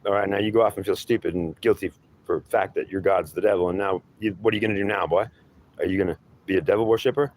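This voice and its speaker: A man with a low, darkish voice performs an improvised two-voice monologue. He plays a menacing male devil who claims to be god, taunting and threatening the listener and calling him boy.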